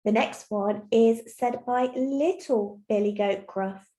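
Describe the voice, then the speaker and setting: A woman teacher giving a recorded online lesson to young children, explaining clearly, patiently and encouragingly. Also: fairly high pitch, expressive, slow pace, dark tone. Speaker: primary school teacher. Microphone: computer mic while screen sharing. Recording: echoey room.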